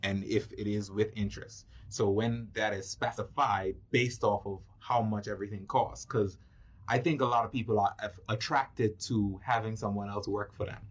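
A man, a filmmaker guest in an interview, explaining things in a measured, step-by-step way. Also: on the low side, fairly even intonation, husky. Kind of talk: casual interview chat. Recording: muffled lo-fi audio.

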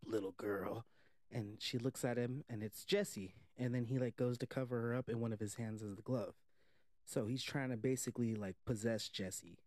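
A man's voice: mid-range voice, dry recording, clean studio sound. A man casually retelling a movie plot in a loose, rambling way, full of "like" and the odd curse word. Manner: animated storytelling, slipping into quoted voices; loose, rambling, with swearing and frequent "like". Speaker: movie reviewer.

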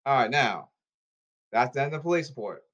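Man, rambling repetitive orders, pitch jumping all over, loud then quiet. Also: lively intonation, a little fast, highs cut off. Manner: repetitive, issuing commands and calls. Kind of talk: rambling monologue.

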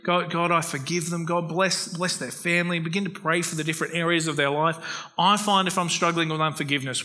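A man's voice: fairly high pitch, poor audio. A man preaching a conversational sermon as a pastor, earnest and full of personal stories. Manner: earnest, storytelling, warm-hearted anecdotes.

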